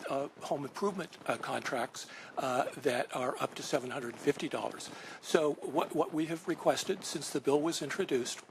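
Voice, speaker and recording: A man gives formal testimony in opposition before a committee. He speaks haltingly and leans on fillers as he works through his points. Faint room noise hums behind him. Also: medium pitch, poor audio.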